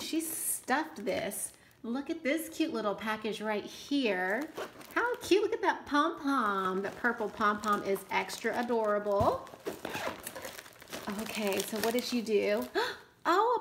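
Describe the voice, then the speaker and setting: A woman craft vlogger opening gifts in an unboxing vlog, gushing and excitable, often squealing and gasping. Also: a little high, slight background noise.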